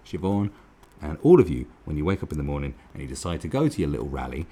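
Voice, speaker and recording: A man's voice: very deep voice, sing-song, fast, few pauses, dark tone, slightly rough. A man giving a profane, mocking commentary rant as host of his own channel. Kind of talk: ranting commentary.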